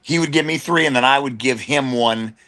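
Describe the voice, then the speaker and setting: A middle-aged man from the United States, a wrestler guest telling stories in an animated, slangy way and slipping into quick impressions. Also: mid-range voice. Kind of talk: casual storytelling chat.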